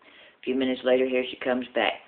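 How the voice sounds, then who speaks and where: A woman's voice: very deep voice, monotone. A woman telling a long joke casually, laying out the story step by step. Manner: drawn-out, listing storyteller pacing. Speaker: joke teller. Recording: tinny phone-like audio.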